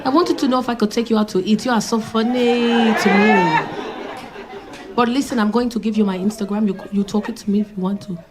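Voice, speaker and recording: A man's voice: sits high, fairly even intonation, brisk, natural voice. A woman voicing a flirty, blunt African man on a date, speaking with an African accent and pleading and complimenting without tact. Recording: live club mic, crowd laughter, noise.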